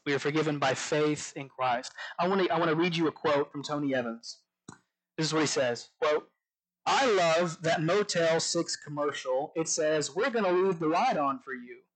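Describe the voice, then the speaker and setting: A man preaching a sermon, reading scripture slowly and dropping to a soft voice on key lines. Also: fairly high pitch, rough recording. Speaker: pastor.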